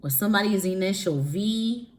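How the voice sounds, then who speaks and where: A woman's voice: mid-range voice, moderate pace, darkish tone. A woman giving a casual spiritual reading, rambling and chatty with frequent restarts and laughs. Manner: laughs often between phrases. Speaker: spiritual reader. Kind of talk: casual spiritual vlog talk.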